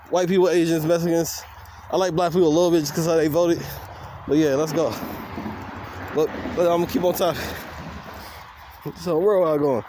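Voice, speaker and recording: High-voiced man telling a profane story. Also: noisy background. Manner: profane and blunt, laughs often; acts out quoted dialogue. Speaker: vlogger. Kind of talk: casual storytelling monologue.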